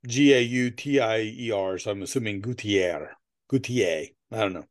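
A man's voice: fairly low pitch, brisk. A man co-hosting a podcast in casual chat, telling stories in a rambling way, laughing often and swearing casually. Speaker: podcast co-host.

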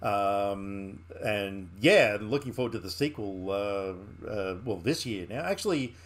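A man's voice: lowish voice, animated, measured pace. A man co-hosting a film podcast, chatting casually and enthusiastically with lots of fillers and restarts. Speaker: podcast co-host.

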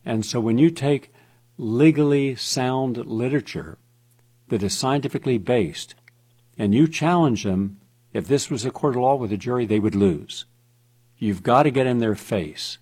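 Emphatic, husky-voiced man hosting radio. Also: mid-range voice, normal speed, darkish tone. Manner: emphatic, insistent delivery. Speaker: radio host. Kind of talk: talk radio monologue.

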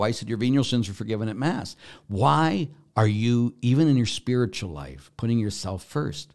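A man's voice: medium pitch, lively intonation, moderate pace, creaky, darkish tone. A man who is a Catholic priest, answering a viewer's question in an emphatic, preachy way and repeating his key points.

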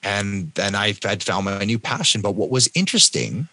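A Canadian man in his fifties telling his own story in an interview with animated delivery, often acting out the voices of other people. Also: on the low side, normal speed, no echo. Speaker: guest, endurance athlete and coach.

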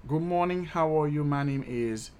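An upbeat, chatty man from Haiti teaching a casual video language lesson, repeating each word slowly. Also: fairly high pitch, a little mellow, smooth.

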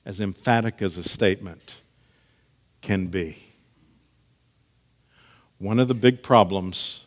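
A man preaching a sermon, teaching with measured delivery that swings between hushed lines and emphatic stresses. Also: on the low side. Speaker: pastor.

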